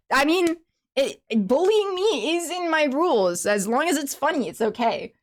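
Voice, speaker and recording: A woman's voice: high voice, animated, measured pace. Giggly young woman streamer, rambling. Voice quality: laugh sounds sniffly and tearful. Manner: rambling and giggly, many fillers and restarts. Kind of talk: casual chat to stream viewers.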